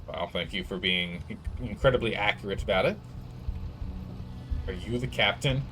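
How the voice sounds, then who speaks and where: A man commenting on his game stream in a casual, rambling way. He drifts into asides and chuckles at what he sees. His voice sits slightly low. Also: moderate pace, fairly bright tone, soft background music. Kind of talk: let's play commentary.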